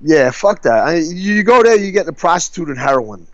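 A man's voice: fairly high pitch, lively intonation, normal speed, no echo. A man, co-hosting a podcast in casual chat, rambling profanely and laughing as he tells stories. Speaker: podcast co-host. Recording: dull, dry lo-fi sound.

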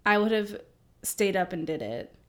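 A woman's voice: mid-range voice, normal speed. A young woman co-hosting a podcast, chatting casually, giggling and retelling her own stories with acted-out quotes. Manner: giggly, storytelling, animated retelling. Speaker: podcast co-host. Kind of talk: casual chat.

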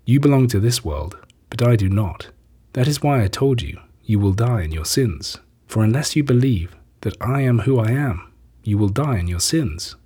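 A man reading scripture, giving Jesus's lines in a measured, solemn way. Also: fairly low pitch, expressive, warm tone, slightly rough. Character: Jesus, a calm, authoritative teacher, adult man.

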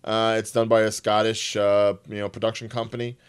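A man's voice: lowish voice, flat delivery, brisk, clear, resonant tone. Laid-back New man. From New Jersey. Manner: laid-back, blunt, casual swearing. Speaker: podcast co-host. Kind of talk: casual chat.

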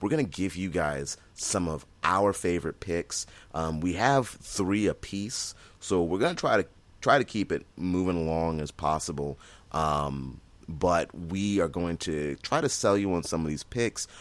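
A man's voice: deep voice, lively intonation, measured pace, no room sound. A man co-hosting a podcast in casual chat, talking enthusiastically with lots of fillers and restarts. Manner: rambling, many fillers and restarts. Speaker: podcast co-host.

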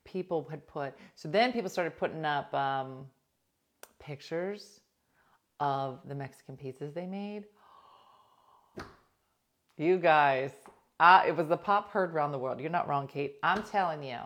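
A woman with a low voice hosts a casual livestream, chatting with viewers. She tells a story in a gossipy way and sometimes drops to a hush for an aside. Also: expressive, slow pace, pauses often. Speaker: livestream host. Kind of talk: casual chat reading viewer comments.

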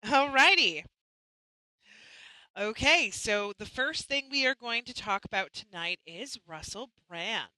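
A woman's voice: a little high, expressive, slow pace, sharp tone, no room sound, low-quality recording. A woman hosting a live chat show, talking casually and chattily, often restarting and apologizing. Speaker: host.

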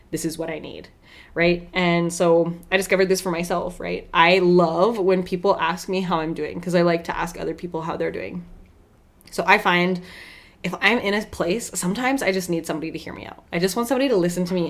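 A young adult woman hosting a podcast, talking casually and warmly about self-care, often checking in with "right?" and laughing between points. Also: on the low side. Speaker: podcast host.

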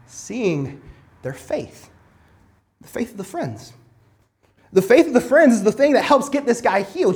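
Male pastor preaching, earnest and animated in pitch, stacks up rhetorical questions and restarts a lot. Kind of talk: sermon.

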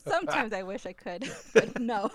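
A woman with a slight Minnesota accent talks casually on a podcast as a guest co-host. She chats freely, leaning on fillers and breaking into laughter often. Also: on the high side.

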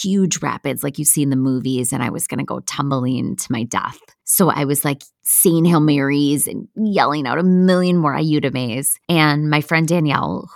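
A middle-aged woman hosting a podcast, telling her own stories in a casual, animated, self-deprecating way and acting out the lines she quotes. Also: low-pitched, vocal fry, dry recording, clean studio sound. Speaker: podcast host. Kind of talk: casual storytelling.

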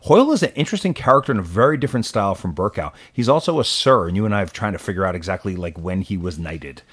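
A man co-hosting a casual political talk show, opinionated and animated, with quick asides. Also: deep voice, husky. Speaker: podcast co-host.

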